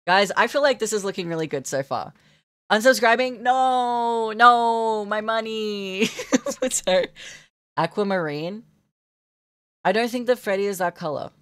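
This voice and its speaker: A young woman live-streaming as she draws, chatting playfully with her viewers and giggling often. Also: deep voice. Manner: playful, giggly, talks to chat. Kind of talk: casual live-stream chat while drawing.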